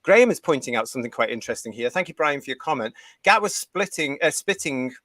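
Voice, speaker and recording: A man's voice: a little high, lively intonation, quick pace, fairly bright tone, no room sound. A man from the United Kingdom hosting a live fan review show, reading viewer comments and ranting with strong opinions.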